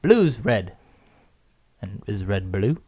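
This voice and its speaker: Joking Midwestern podcast host. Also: male voice, fairly low pitch, very animated, takes it slowly, dark tone, slightly rough, dry recording. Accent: Midwestern American. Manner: jokey, rambling, restarts. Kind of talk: casual chat.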